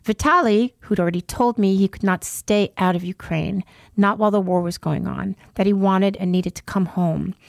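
A woman's voice: medium pitch, darkish tone, dry recording, studio quality. A woman reading her own first-person dispatch aloud, breaking off for wry conversational asides.

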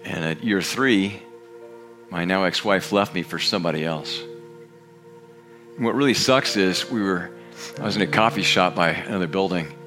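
A middle-aged man preaching a sermon as a pastor, telling a story and acting out the voices of the people in it. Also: deep voice. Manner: storytelling, animated, acts out quoted characters. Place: church auditorium.

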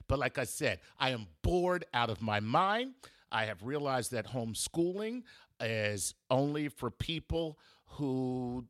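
Lively, joking male comedian. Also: medium pitch, no echo, clean studio sound. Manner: animated, sarcastic and joking. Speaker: comedian and podcast host. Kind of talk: casual comedic monologue. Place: room at home.

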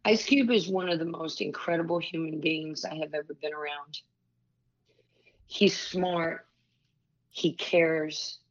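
A woman coach talking as an interview guest, halting and restarting often as she speaks. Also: fairly low pitch. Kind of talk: casual interview chat. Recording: dull lo-fi sound.

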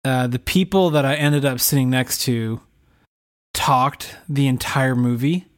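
A man chatting casually as a podcast co-host, telling a story with lively, animated delivery and mimicked voices. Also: medium pitch, a little slow. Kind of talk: casual chat.

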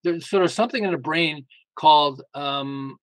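Guest male, high voice, emphatic and lively, tells stories, dry close sound. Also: moderate pace, dry recording, low-quality recording. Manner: emphatic, lively storyteller with frequent restarts. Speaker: guest author. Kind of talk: casual interview talk.

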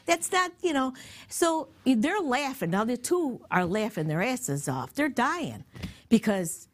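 Animated woman telling a rowdy story. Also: a little high, takes it slowly. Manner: animated, swears freely, acts out voices. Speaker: guest. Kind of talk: casual storytelling.

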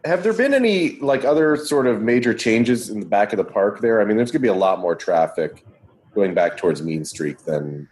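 A man with a fairly low voice hosts a laid-back podcast conversation. He talks at length in an easy, chatty way and turns to his guests with questions. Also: normal speed. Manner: relaxed, chatty, asks the others questions. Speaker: podcast host. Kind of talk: casual chat.

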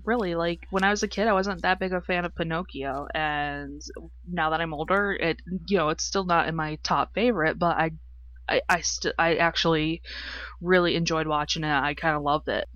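A woman co-hosting a podcast, chatting casually about a movie in a relaxed, halting way. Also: sits low, muffled recording. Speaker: podcast co-host.

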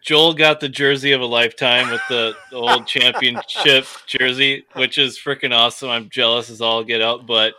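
A man's voice: medium pitch, steady tone, normal speed, few pauses, bright, forceful tone. A man co-hosting a casual podcast, reacting with enthusiasm and easy slang. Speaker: podcast co-host. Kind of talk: casual chat.

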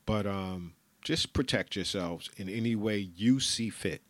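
Man, podcast host, blunt profane rant, low voice, dry close sound. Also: unhurried, dry recording. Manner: blunt, profane, repetitive ranting.

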